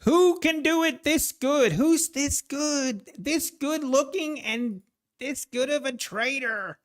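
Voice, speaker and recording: A man putting on the voice of a boastful, showy male trader in a high, exaggerated tone. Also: takes it slowly. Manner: bragging, exaggerated high-pitched put-on voice.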